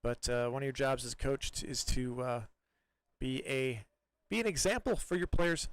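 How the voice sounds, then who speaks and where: Chatty male soccer commentator, crisp dry voice. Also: mid-range voice, moderate pace, no room sound. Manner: relaxed, chatty, many fillers and restarts. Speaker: play-by-play commentator.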